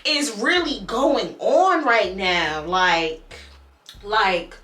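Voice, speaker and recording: Young woman ranting a storytime, bright voice, cusses a lot, echoey room. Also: mid-range voice, extremely slow. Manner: animated, blunt, swears freely. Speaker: YouTuber telling a storytime. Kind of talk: casual storytime vlog.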